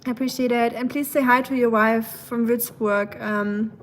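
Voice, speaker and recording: Woman with a German accent, rambling and friendly streamer chat, slightly high pitch. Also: fairly even intonation, slight background noise, low-quality recording. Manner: chatty and rambling, with frequent "um" pauses and light laughs; switches between English and German. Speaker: livestream host. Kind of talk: casual livestream chat, reading chat comments.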